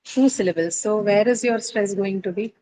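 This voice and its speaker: A woman's voice: medium pitch, normal speed, warm tone, low-quality recording. Patient woman teacher explaining word stress. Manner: patient, explanatory, many fillers like uh and you know. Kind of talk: classroom lesson on word stress.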